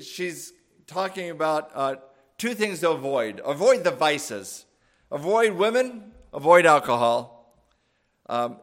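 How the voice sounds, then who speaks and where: A man's voice: fairly high pitch, fairly bright tone. Plain-spoken man preaching a sermon. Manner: plain, measured delivery with fillers. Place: home, streamed online.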